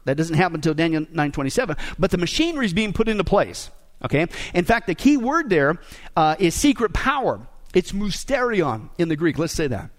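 A man's voice: high-pitched, big pitch swings, fairly quick. A man preaching a sermon to a congregation, emphatic and punchy, throwing rhetorical questions at the room and slipping in joking asides. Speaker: pastor.

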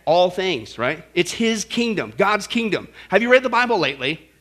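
A pastor preaching a sermon in a jokey, emphatic way, rising to loud exhortations. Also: male voice, high voice, sing-song, moderate pace.

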